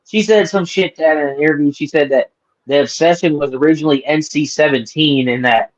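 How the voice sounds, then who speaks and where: A man joining a livestream chat, rambling and halting with lots of fillers. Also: on the high side, lo-fi sound. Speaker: co-host guest. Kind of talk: casual chat.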